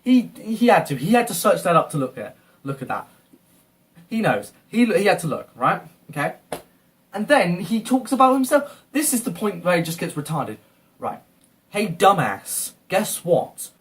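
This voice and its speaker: A man's voice: high voice, big pitch swings, normal speed, fairly bright tone, recorded from a distance. A man ranting through a reaction commentary, exasperated, swearing and repeatedly calling someone an idiot. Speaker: video reactor.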